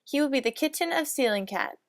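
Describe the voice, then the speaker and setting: A woman's voice: sits high, animated, a little fast. A woman putting on a chirpy angel cat. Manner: chirpy lolcat baby talk. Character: cheerful male angel cat messenger.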